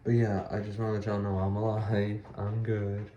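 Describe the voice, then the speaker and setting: A young man giving a rambling, halting life update for his vlog, with frequent restarts. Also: fairly low pitch, completely flat delivery, warm tone, roomy sound, lo-fi sound, slight background noise. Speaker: vlogger.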